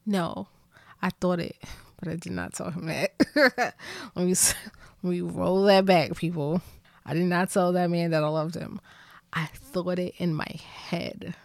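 A woman's voice: fairly low pitch, fairly even intonation, unhurried, gravelly, darkish tone, no echo. A woman hosting a podcast in casual chat, playful and chatty, laughing often and dropping into whispered asides. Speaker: podcast host.

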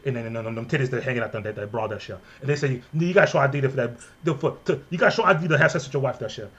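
A man's voice: mid-range voice, very fast, fairly bright tone, muffled recording, natural voice. A man putting on a crude, rowdy Louisiana-accented man ranting with lots of repetition.

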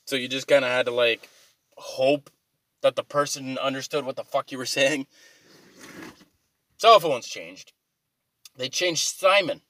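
A man's voice: medium pitch, measured pace, pauses often, pushed and bright, no room sound. A man rambling through an exasperated, profane comic rant to his viewers, swearing freely as he complains. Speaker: vlogger.

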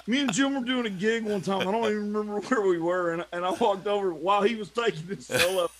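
A man's voice: high voice, quick pace, a little hiss or hum. A man co-hosting a podcast, a musician telling stories and laughing often. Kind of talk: casual chat.

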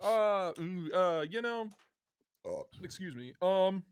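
Brief: jokey male podcast guest, fairly high, bouncy delivery, dry close sound. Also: expressive, slow pace, clear, resonant tone, no echo. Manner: loud, joking, playful banter. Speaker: guest, knife content creator. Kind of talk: casual podcast chat.

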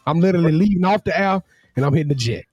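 A man's voice: on the high side, rapid-fire, a little mellow, husky, dry recording, lo-fi sound, soft background music. A man co-hosting a sports talk show, chatting in an upbeat, playful way. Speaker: podcast co-host. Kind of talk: casual chat.

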